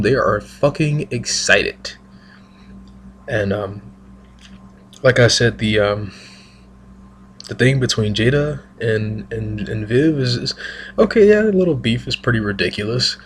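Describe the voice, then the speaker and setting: A man's voice: mid-range voice, slight background noise. A man giving a heated, emphatic, profane monologue rant on his own channel, speaking into a single mic. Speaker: vlogger.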